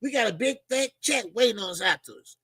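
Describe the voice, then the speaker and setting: A man hosting a boxing talk show, ranting in loud, emphatic, mocking casual commentary with plenty of swearing. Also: very high-pitched, animated, fast, breathy edge, no room sound.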